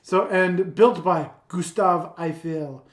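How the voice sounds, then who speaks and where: A woman's voice: fairly low pitch, slow pace. A woman co-hosting a casual podcast, reading out quiz questions in a playful, joking way and laughing often. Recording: roomy echoey room.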